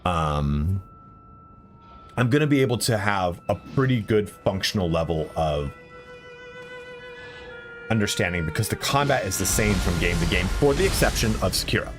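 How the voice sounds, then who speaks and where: A man's voice: sits low, animated, moderate pace, pauses often. A man streaming a video game, chatting casually with viewers and swearing when the game beats him. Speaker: gaming streamer. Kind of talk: casual live-stream commentary while playing. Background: faint game music.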